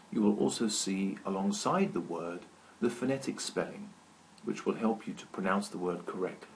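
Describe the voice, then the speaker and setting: A man teaching an English grammar lesson, speaking deliberately and enunciating clearly, with pauses for practice. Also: on the low side, darkish tone, slight background noise, poor audio. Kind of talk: slow, careful English lesson narration.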